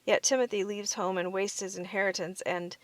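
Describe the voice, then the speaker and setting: A woman's voice: medium pitch, flat delivery, a little fast, lightly acted. Resentful older mouse son, read by a woman, grumbling and sulky. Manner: complaining, sulky storybook voice.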